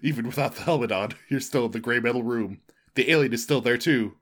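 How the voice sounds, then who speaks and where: A man's voice: medium pitch, quick pace, fairly bright tone. Wry man reading a gamebook aloud. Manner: wry, amused. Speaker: co-host, reader.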